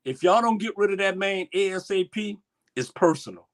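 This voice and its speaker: A man on a casual live-stream talk show, emotional and impassioned, his voice swinging between loud and soft. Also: high voice, animated, normal speed.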